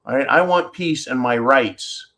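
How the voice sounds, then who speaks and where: A man's voice: mid-range voice, a little slow, creaky, bright, forceful tone. A middle-aged man hosting a profane, sarcastic commentary monologue, talking straight to his viewers as folks. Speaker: channel host. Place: indoors, tropical home.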